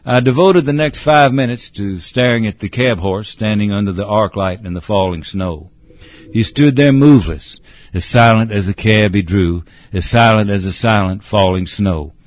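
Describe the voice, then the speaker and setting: A man narrating a story in a measured, descriptive way. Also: fairly low pitch, no room sound. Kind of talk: storybook reading.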